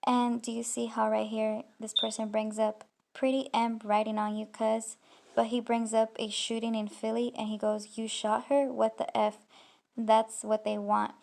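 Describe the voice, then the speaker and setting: A woman's voice: fairly high pitch, monotone, normal speed, gravelly, a little mellow. A woman commenting on clips in a reaction video, talking in an accusatory, rambling and scornful way. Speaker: YouTube commentator.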